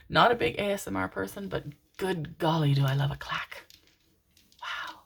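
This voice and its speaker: A woman's voice: mid-range voice, very animated, normal speed, gravelly, sharp tone, breathy edge. A woman giving a casual pick-a-card tarot reading, chatty and rambling, often breaking into laughter.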